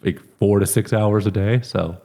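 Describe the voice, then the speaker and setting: A man being interviewed as a fighter, talking casually with lots of "like" and growing lively when he tells stories. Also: fairly low pitch, normal speed. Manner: relaxed, heavy use of "like", lively when telling stories. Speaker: MMA fighter, interview guest.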